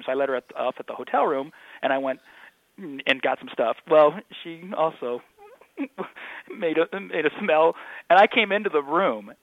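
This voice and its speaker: A man guest telling comedy-club anecdotes in casual interview talk, animated and acting out the voices of people in his stories. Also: on the high side, brisk, no echo. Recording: tinny phone line.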